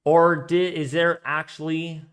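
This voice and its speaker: A man talks his way through a casual weather live stream, rambling and thinking out loud as he answers viewers. His voice sits a little on the high side and comes through smooth and clear. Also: little pitch movement, a little slow. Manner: chatty and rambling, thinking aloud. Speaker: weather livestream host. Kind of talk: casual live-stream chat reading donations.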